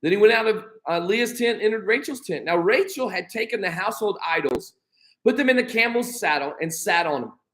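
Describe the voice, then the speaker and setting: A man's voice: high voice, expressive, brisk, a bit bright, low-quality recording. An American man teaching a Bible study as a pastor, reading scripture aloud and retelling it in casual everyday speech. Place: church.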